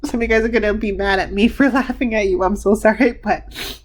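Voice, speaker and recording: A woman's voice: mid-range voice, fairly quick, a little hiss or hum. A woman doing a casual tarot card reading to camera, chatty and giggly, talking straight to her viewers. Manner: giggly, often breaks into laughter.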